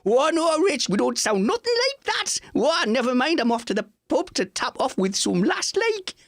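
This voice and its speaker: A man's voice: very animated, normal speed, fairly bright tone, no echo, studio quality, exaggerated voice. A man doing an exaggerated impression of a brash male friend from Newcastle, with a Geordie accent. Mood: mocking. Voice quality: high, exaggerated and cartoonish.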